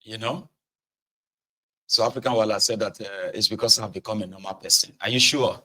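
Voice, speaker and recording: A man's voice: lowish voice, brisk. A middle-aged Nigerian man with a Nigerian accent, talking through a casual monologue and slipping into Pidgin asides. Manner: animated, acts out shouted scenes, Pidgin asides. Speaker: vlogger.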